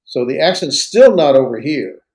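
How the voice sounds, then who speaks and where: Relaxed man tutoring Greek. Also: on the high side, normal speed. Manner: relaxed, coaching, filler-heavy. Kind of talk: one-on-one tutoring.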